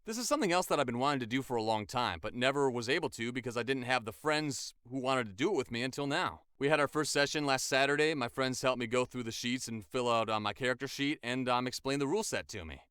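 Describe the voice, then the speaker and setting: A man's voice: medium pitch, fast talker, hardly any pauses, fairly bright tone, clean tone, no echo, studio quality. A man in his twenties, a voice actor, chatting enthusiastically in a casual vlog. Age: 20s.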